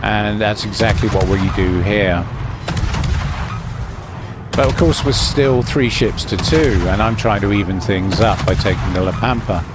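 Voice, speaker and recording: A man giving relaxed, rambling voice-over commentary on his own gameplay, with fillers and restarts. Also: lowish voice, a little slow, very noisy. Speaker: gaming commentator.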